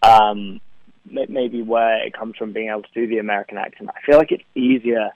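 A young Englishman, an actor appearing as a guest in a remote interview, talks freely in a lowish, fairly even voice at a fairly quick clip, with lots of fillers and laughter. The line sounds tinny and phone-like, dry with no echo.

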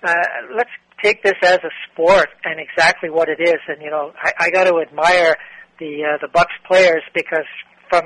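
A man on a sports talk show, giving a measured and reflective take with frequent fillers. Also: a little high, fairly even intonation, a bit bright, rough recording.

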